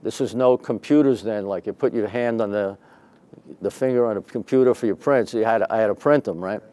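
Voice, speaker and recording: An older man, a retired detective and boxing referee, telling a story in an interview, animated and profane, acting out the dialogue. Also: fairly low pitch, a little fast.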